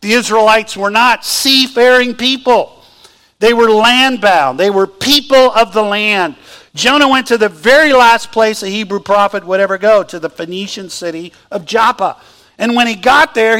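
A man preaching a sermon in a high, bright, forceful voice. He retells scripture as vivid storytelling. He turns to the congregation with pointed questions. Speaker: pastor.

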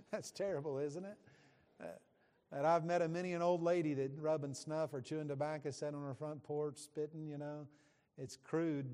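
Middle-aged man, visiting preacher; folksy, joking with the congregation; mid pitch, reverberant sanctuary. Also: darkish tone. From West Virginia, USA. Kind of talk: sermon introduction from the pulpit. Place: church sanctuary. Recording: long church hall reverb.

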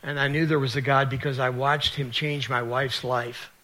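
A man's voice: mid-range voice, flat delivery, moderate pace, sharp tone. A man from West Virginia telling his personal faith testimony in an earnest, confessional storytelling manner. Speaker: speaker sharing his testimony.

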